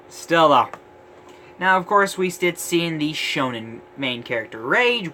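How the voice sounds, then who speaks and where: A young man giving casual anime tier commentary, rambling and excitable, swearing and tripping over his words. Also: fairly high pitch, slight background noise. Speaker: anime vlogger. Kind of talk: casual screen-recorded commentary. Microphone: phone or screen recorder mic.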